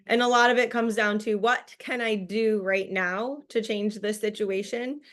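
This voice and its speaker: A woman's voice: mid-range voice, fairly even intonation, measured pace, fairly bright tone. A woman leading a business training over a video call, giving a casual, upbeat motivational talk full of fillers and laughs. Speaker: team leader presenting a business training call.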